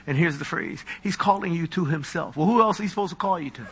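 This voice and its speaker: A man preaching a live sermon to his congregation, animated, with mocking asides and humor. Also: on the high side, fast talker, few pauses, a little hiss or hum. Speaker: pastor.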